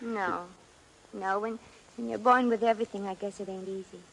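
A woman's voice: mid-range voice, fairly even intonation, moderate pace, vocal fry, a bit bright, poor audio. An actress playing a slangy, wry American shop girl in a 1940s radio drama. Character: wisecracking American shop girl posing as a lady.

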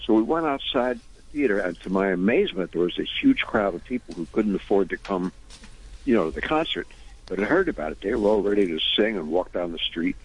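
A man's voice: deep voice, very animated, brisk, slightly rough, poor audio. An older man, a musician and radio guest, telling long earnest anecdotes in a rambling conversational way that drifts into preaching. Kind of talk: conversational storytelling.

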